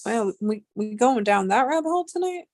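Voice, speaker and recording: A woman's voice: fairly high pitch, animated, fairly quick, darkish tone. A young woman chatting casually to her livestream audience, rambling off on tangents and breaking into exasperated, swearing rants.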